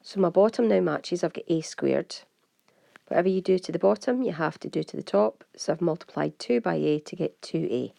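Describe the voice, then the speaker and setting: A woman's voice: lowish voice, vocal fry, dark tone, dry recording. A woman with a Scottish accent, a maths teacher working through exam questions step by step and talking straight to her students. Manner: brisk, step-by-step, talks to students directly. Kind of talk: exam walkthrough lesson.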